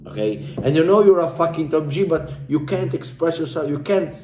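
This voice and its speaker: Young man, dark mellow tone, fervent repetitive testimonial, echoey room. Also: a little high, a little fast, a little hiss or hum. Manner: intense, profane, repetitive, speaks from the heart. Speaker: coaching client giving a testimonial. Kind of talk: emotional motivational testimonial.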